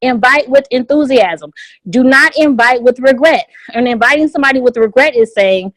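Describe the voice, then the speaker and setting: A woman with a fairly high voice gives an upbeat motivational training over a conference line. She drives her points home by repeating key phrases again and again. Her voice sounds dry and close, with no room echo. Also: moderate pace. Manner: energetic and repetitive, hammers home key phrases. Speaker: business opportunity trainer on a conference call. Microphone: phone conference line.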